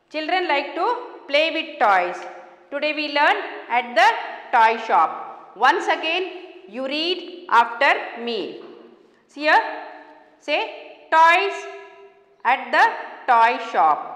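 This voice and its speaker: A high, lively woman teacher's voice, slowly and patiently walking young children through a reading lesson. She repeats lines and keeps asking the class questions. A long echo fills the room around her. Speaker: primary school teacher. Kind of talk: first-grade English lesson. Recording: echoey reverberant room.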